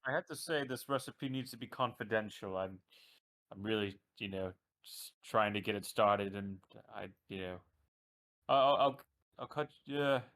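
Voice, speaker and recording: A man's voice: fairly low pitch, normal speed, a bit bright. A man playing a tabletop game in character, hesitant with stammering restarts. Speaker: player. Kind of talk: tabletop role-play in character.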